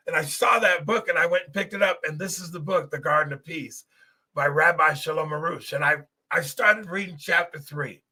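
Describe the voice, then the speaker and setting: Speaking at a moderate pace, a middle-aged podcast host addresses his listeners directly with a personal testimony. His slightly high voice is very bright and husky, and he comes across as earnest and emotional.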